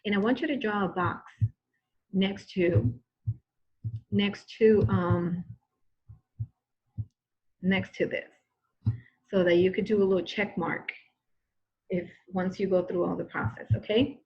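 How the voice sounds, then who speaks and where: A woman's voice: medium pitch, fairly even intonation, slow, long pauses, dull audio. A woman teacher giving a recorded grammar lesson, patient and repetitive, often checking in with "okay?".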